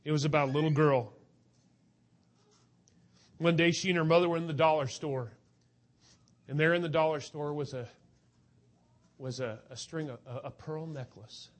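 Earnest preacher, slightly high-voiced man. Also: steady tone, moderate pace, pauses often. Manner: earnest, emotional, urging. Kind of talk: sermon.

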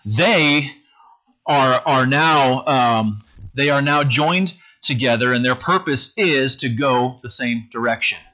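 A man's voice: mid-range voice, takes it slowly, bright, forceful tone. A middle-aged man preaching a conversational sermon to his congregation, often stumbling and repeating words as he goes. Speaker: pastor.

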